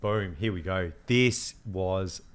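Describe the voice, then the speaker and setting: A man's voice: low voice, slow pace. A young Australian man from Western Australia, co-hosting a podcast and telling stories with lots of swearing and animation. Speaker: podcast co-host. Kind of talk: casual chat.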